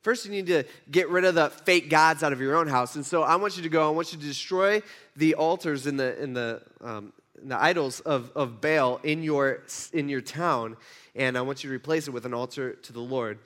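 A man voicing God, who gives calm and direct commands. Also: a little high, normal speed, voice pushed down, natural voice. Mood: commanding. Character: commanding God giving orders.

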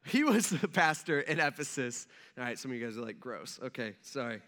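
A man's voice: mid-range voice, sing-song, fairly quick, few pauses, bright, forceful tone. A male pastor giving a casual, conversational sermon with asides to his congregation.

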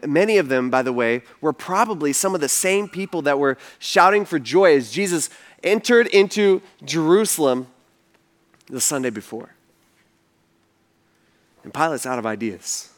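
High-voiced preacher, vivid animated storytelling, casual fillers. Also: male voice, moderate pace. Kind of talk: storytelling sermon.

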